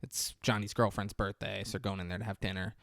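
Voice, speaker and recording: A man's voice: little pitch movement, quick pace, vocal fry, a bit bright, dry recording, studio quality. A man co-hosting a podcast, rambling through a movie plot in casual, profane chat and acting out the characters' lines. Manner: rambling, profane, acts out quotes with big pitch jumps. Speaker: podcast co-host.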